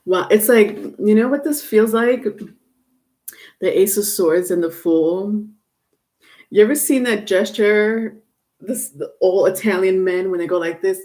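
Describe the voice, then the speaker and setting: A woman's voice: mid-range voice, measured pace, darkish tone. Chatty woman reading tarot live. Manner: chatty, laughs easily, many fillers and restarts. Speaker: tarot reader.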